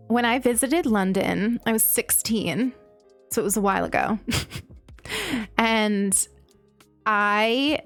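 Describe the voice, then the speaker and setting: A woman's voice: medium pitch, clear, resonant tone, dry recording. A young American woman streaming a game, chatting casually with her chat and telling stories with lots of laughter. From United States. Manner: chatty, giggly, animated storytelling. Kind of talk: casual chat while gaming, reading chat.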